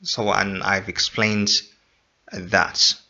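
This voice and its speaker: Slow, bright-voiced teacher. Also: male voice, fairly low pitch, steady tone, creaky. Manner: repeats points and quizzes listener ("In what?"). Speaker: English teacher. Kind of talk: explaining grammar lesson. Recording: dull lo-fi recording.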